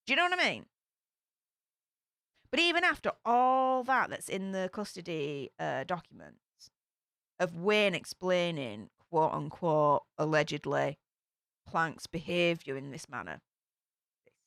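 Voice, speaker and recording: A woman's voice: fairly low pitch, a bit bright, no room sound, clean studio sound. A woman hosting a casual true crime commentary, chatty and speculative, with filler-heavy asides. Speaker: true crime channel host.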